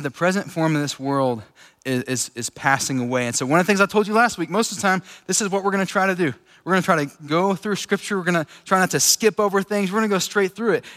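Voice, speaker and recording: In a large, echoey room with an audience, a high-voiced man delivers a relaxed, conversational sermon. He's chatty and laughs easily, and the hall's long reverb hangs on his words.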